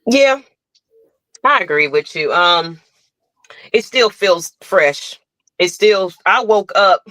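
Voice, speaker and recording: A woman hosting a casual sports fan livestream, talking in a lively, chatty way and reading viewer comments aloud. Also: fairly low pitch, slow, no echo. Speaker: podcast host.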